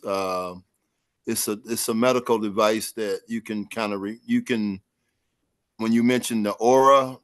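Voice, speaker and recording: Man, workshop participant, low voice, hesitant and stammering, dry close sound. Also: fairly bright tone, clean tone, dry recording. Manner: hesitant, stammers and repeats words. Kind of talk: asking questions in an online workshop.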